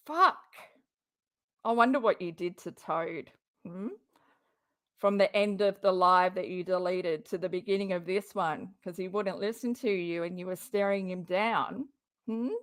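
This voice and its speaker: A woman's voice: medium pitch, unhurried. A woman hosting a reaction channel, commenting on a clip in a sarcastic, profane, mocking way.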